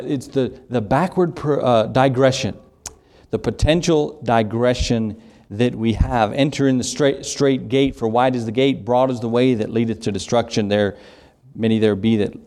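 A preacher delivers an emphatic sermon. His voice sits at a middle pitch. He reads scripture aloud and presses his points with rhetorical questions. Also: dark tone. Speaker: pastor.

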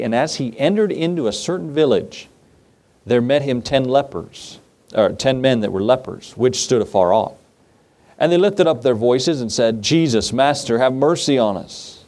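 A man's voice: medium pitch, a little mellow. A man preaching a sermon, reading scripture and telling a folksy story in a conversational way. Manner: folksy and conversational, acts out voices in his story. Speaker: pastor.

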